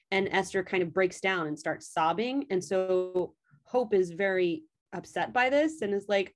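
A woman with a mid-range voice co-hosts a podcast, chatting casually at a moderate pace. She animatedly recaps a story's plot and swears freely when quoting the characters.

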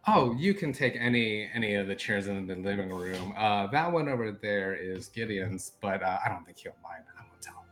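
Guy doing a doting mom-type seer lady, calls everyone dear, low voice. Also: animated, normal speed, hardly any pauses, a bit bright, soft background music. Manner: fussing, endearing, calls people dear. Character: warm motherly female seer, doting host.

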